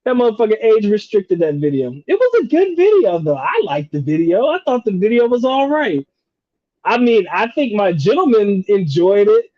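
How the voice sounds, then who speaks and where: A man's voice: sits high, very animated, normal speed, dry recording, muffled recording. A man from North Carolina, hosting a live question-and-answer stream in a casual, slangy, profane way and often laughing. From North Carolina, USA. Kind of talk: casual livestream chat.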